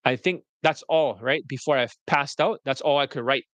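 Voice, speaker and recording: A man coaching on dating, talking bluntly and directly on a livestream and slipping into a polished sales-pitch delivery. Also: moderate pace, a bit bright, no room sound. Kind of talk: livestream talk mixing sales pitch and casual chat.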